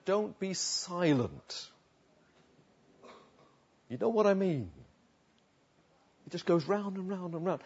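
An earnest male preacher delivers a sermon with a husky voice that swings widely up and down. He talks in an emphatic way and leans on repeated phrases. The sound is a little dull and lo-fi. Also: high voice, darkish tone. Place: outdoors.

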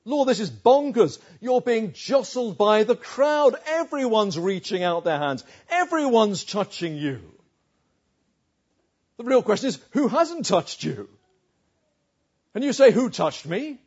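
An exasperated male disciple, blustering in disbelief, as a preacher puts him on. The voice is pitched up, slow and breathy. The recording is dull and lo-fi. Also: big pitch swings, darkish tone, heavily acted. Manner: raised, incredulous, blustering.

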